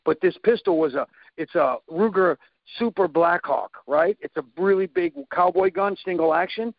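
A man telling a story in a casual chat, animated, acting out sound effects and quoted lines. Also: high-pitched, normal speed, creaky, no echo, narrow, tinny audio.

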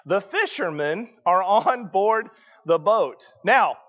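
A man's voice: high-pitched, animated, slow, a bit bright, lo-fi sound. A man preaching a sermon, emphatic and questioning the congregation.

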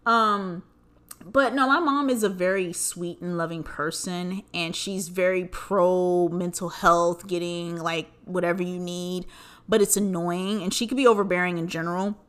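Profane, animated young woman podcasting solo. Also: lowish voice, measured pace, smooth. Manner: profane, animated, joking asides. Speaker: podcast host. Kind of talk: casual solo podcast monologue.

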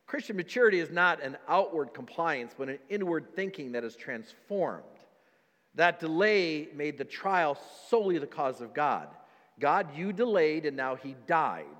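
A man's voice: on the high side, animated, moderate pace, a bit bright. Male preacher, scripture reading, acts out voices, reverberant church hall. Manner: acts out voices of listeners in the story; reads scripture aloud in old-fashioned wording. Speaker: pastor. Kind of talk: sermon.

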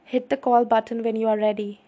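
A woman voicing a kindly hospital nurse who speaks gently to a patient. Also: a little high, little pitch movement, brisk, narrow, tinny audio, close to an everyday voice. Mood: coaxing. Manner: gentle, calls patient honey. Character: kindly middle-aged female hospital nurse.

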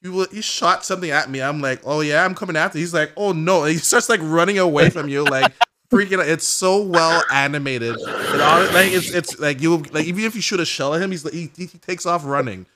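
Against a noisy background, a man with a somewhat high voice talks a little fast while co-hosting a casual gaming podcast. His excitable, rambling event recap is full of "like" fillers and acted-out character reactions.

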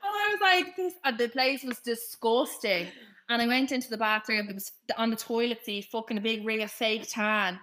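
A young woman tells a story on her podcast, animated and full of swearing. Her voice is bright and sits a little high. She talks in a loose, casual way. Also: normal speed. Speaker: podcast co-host.

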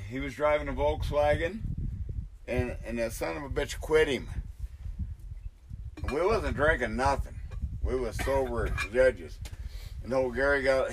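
An older man with a mid-range voice, a storyteller among hunters, laughs his way through rambling, profane stories in a casual chat, with noise in the background.

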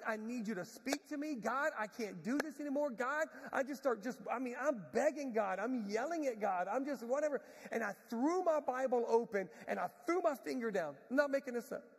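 A man preaching a sermon and telling a personal testimony, moving between quiet reflection and urgent pleading. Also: high voice, breathy edge, big-room sound. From Houston, Texas. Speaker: pastor.

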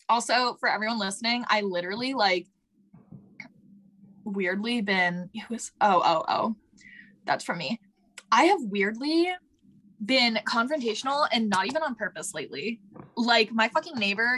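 A woman's voice: fairly high pitch, normal speed. Blunt, profane young woman telling stories. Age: young adult. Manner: blunt, profane, animated storytelling. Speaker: podcast co-host. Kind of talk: casual chat.

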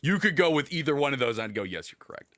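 A man with a bright, forceful voice leads a loose podcast conversation, his pitch bouncing all over as he rambles and laughs. The sound is close and dry, with no room around it. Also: big pitch swings, racing, no room sound. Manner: laughs often, rambling, trailing off. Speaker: podcast host. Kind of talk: casual group chat.

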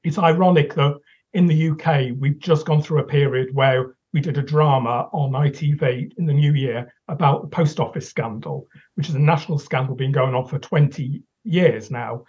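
A podcast co-host with a medium-pitched, slightly rough and somewhat mellow voice speaks at normal speed. In a casual critical discussion, he rants and swears in exasperation, captured on a dull lo-fi recording.

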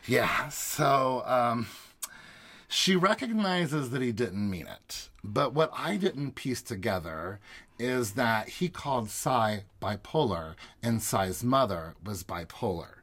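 A man co-hosting a podcast, chatting casually and recapping a reality TV episode, animated and laughing often. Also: mid-range voice, slow pace. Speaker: podcast co-host.

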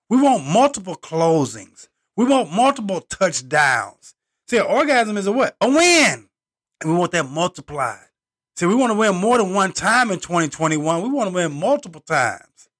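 Motivational podcast guy, kinda high voice, bright and pushy, preachy slogans over and over. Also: big pitch swings, normal speed. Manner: punchy, repetitive slogans, preacher-like emphasis; swings between loud bursts and low asides. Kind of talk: motivational monologue.

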